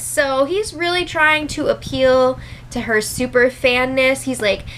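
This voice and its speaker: A woman's voice: sits high, measured pace, fairly bright tone, slight background noise, rough recording. Chatty young woman recapping, often laughing. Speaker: show recap host. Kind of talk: casual reality show recap.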